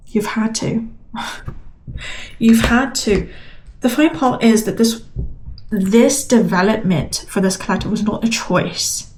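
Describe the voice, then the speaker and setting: A woman delivers a collective tarot reading straight to her listeners. Her voice sits at an ordinary middle pitch, and she talks in an encouraging, emphatic way. She often repeats a phrase to drive it home. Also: a little mellow. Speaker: tarot reader.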